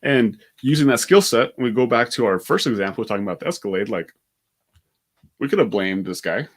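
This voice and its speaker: A man co-hosting a podcast and telling stories in a casual chat, talking quickly with many fillers. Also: medium pitch. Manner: fast, animated, many "like" fillers. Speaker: podcast co-host.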